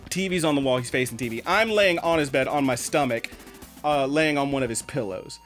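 A man co-hosting a podcast, telling a story in casual chat, animated and swearing freely. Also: medium pitch, a little fast, soft background music. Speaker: podcast co-host.

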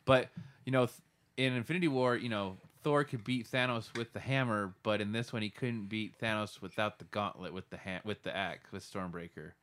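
A man's voice: on the low side, moderate pace. A man co-hosting a podcast, chatting casually about a film and jumping in to retell scenes. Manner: animated, jumps in to retell scenes. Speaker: podcast co-host. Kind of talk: casual movie review chat.

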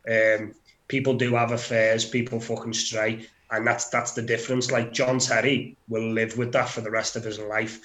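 A man's voice: medium pitch, flat delivery, moderate pace, fairly bright tone. A man co-hosting a podcast, getting heated and swearing a lot as he rants in casual chat. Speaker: podcast co-host. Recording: roomy echo.

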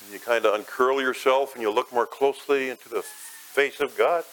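A man's voice: normal speed, low-quality recording. Dramatic male preacher. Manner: dramatic, swells loud and high then drops soft and low. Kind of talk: sermon, guided imagery.

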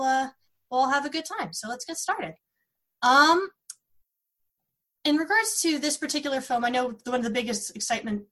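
A woman's voice: a little high, fairly bright tone. A woman hosting a podcast, talking casually and rambling with many fillers. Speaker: podcast host. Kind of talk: casual chat.

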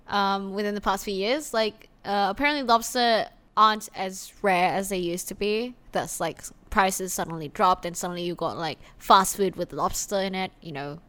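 A woman's voice: medium pitch, a bit bright. A woman co-hosting a podcast in casual, profane chat, loose and full of fillers and laughs. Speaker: podcast co-host.

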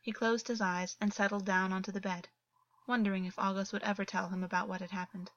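A woman narrating a story in a steady, earnest reading voice, on a dull, lo-fi recording. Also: medium pitch, fast. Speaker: audiobook narrator.

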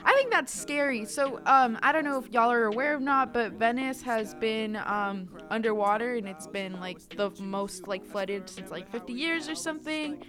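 A playful young woman co-hosting a student podcast, her voice sitting a little high. She chats casually and giggles often, slipping in Spanish words here and there. Faint music plays behind her. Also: moderate pace, hardly any pauses. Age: young adult. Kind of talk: casual chat.

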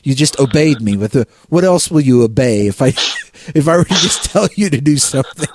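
A man co-hosting a show, reading anime episode summaries and joking with his co-host in a playful, animated way. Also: mid-range voice, background noise. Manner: animated, playful, quick to laugh. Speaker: podcast co-host. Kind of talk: anime news roundup and casual banter.

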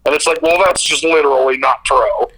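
Bright-voiced man on a sports podcast. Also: medium pitch, brisk, poor audio. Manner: rambling, animated storytelling with many fillers. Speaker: podcast co-host. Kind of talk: casual sports chat.

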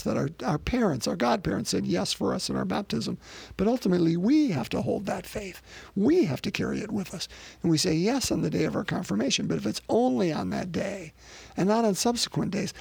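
A man's voice: high voice, creaky, a little mellow, slightly rough, dry recording. A man preaching a sermon as a pastor, in a conversational way that repeats words and speaks straight to the congregation.

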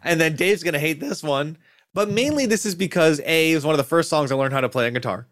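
A man's voice: a little high, animated, fast, a bit bright, no echo, clean studio sound. Easygoing man on a podcast. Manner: easygoing, self-deprecating, profane. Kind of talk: casual podcast banter.

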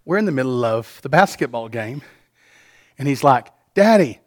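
A man preaching a sermon as pastor, earnest, swinging between soft passages and loud ones. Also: mid-range voice, lively intonation, normal speed.

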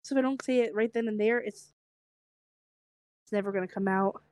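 A young woman co-hosting a casual podcast chat, speaking with a slight stutter and a lisp, chatty and quick to laugh. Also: medium pitch, a little mellow, dry recording. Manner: chatty, quick to laugh, repeats herself when tired. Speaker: podcast co-host.

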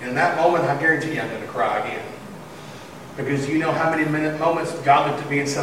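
A man, a pastor, preaching a sermon in a church. He is lively and humorous, with bursts of excited shouting. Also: fairly high pitch, fast talker, noisy background. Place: church sanctuary. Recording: echoey church from far off.

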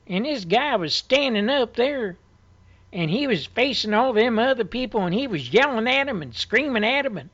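A man's voice: extremely high pitch, sing-song, moderate pace, a bit bright, highs cut off. A male radio host telling a long, rambling anecdote in a colloquial, swearing, folksy way.

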